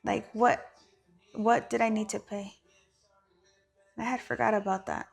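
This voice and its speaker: A woman's voice: a little high, little pitch movement, unhurried, vocal fry, slightly rough, faint music behind. A woman talking frankly and profanely as a guest, telling a personal story with Spanish phrases mixed in.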